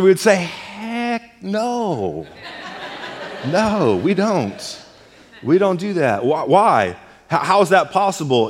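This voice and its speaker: Emphatic male pastor in a reverberant church. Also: a little high. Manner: emphatic, repeats words when stressing a point. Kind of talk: sermon. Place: church sanctuary. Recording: long church hall reverb.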